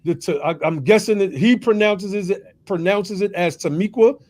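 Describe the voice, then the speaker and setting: A man hosting a casual stream, pausing a video to point things out to his audience. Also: high-pitched, a little mellow. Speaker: host of a reaction stream. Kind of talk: casual commentary on a played video.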